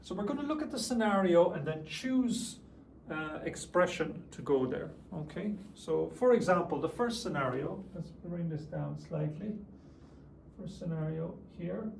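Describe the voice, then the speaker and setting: Guy teaching english, slow clear teacher voice, kinda high, echoey room with a bit of hum. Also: animated, a little mellow. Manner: slow, clear teacherly delivery with repeated examples. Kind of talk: classroom language lesson.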